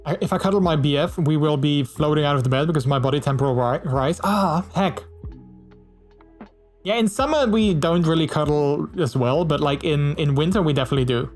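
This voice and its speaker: A man's voice: fairly high pitch, brisk, a little mellow, faint music behind. A man streaming casually, reading out viewer messages and chatting in a friendly way, with many fillers and restarts.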